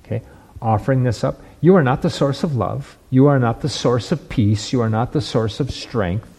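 A man's voice: mid-range voice, moderate pace, creaky, a little mellow, husky. A man preaching a sermon, making emphatic points and checking in with his listeners by asking "right?" and "okay?". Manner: repeats and restarts words while building points.

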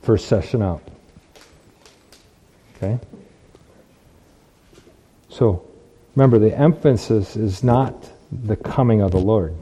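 Earnest man preaching in a dark voice. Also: on the low side, slow, pauses often, slightly rough. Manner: earnest, repeats phrases for emphasis. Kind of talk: sermon with scripture reading.

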